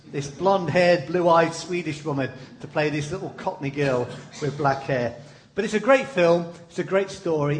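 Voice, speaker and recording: A man preaching a sermon, telling stories with lively emphasis and dramatic pauses. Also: a little high. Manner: animated storytelling with dramatic pauses.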